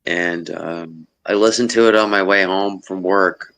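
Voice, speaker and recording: An easygoing man joins a stream chat, talking in a lowish voice with a bright, forward edge. He pauses often on ums and uhs. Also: fairly even intonation, gravelly. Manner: easygoing, hesitant fillers. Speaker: stream guest. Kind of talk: casual chat.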